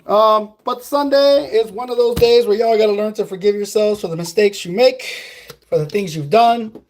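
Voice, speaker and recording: A man's voice: high-pitched, a little mellow, a little hiss or hum. A man on a casual vlog who gives blunt, profane, preachy life advice while making food in his kitchen at home. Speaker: vlogger. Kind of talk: casual livestream pep talk.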